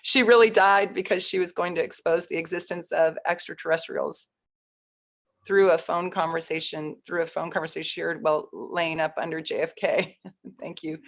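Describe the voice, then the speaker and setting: A woman astrologer hosting a casual live stream, chatting with viewers, easily flustered and laughing often. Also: low voice.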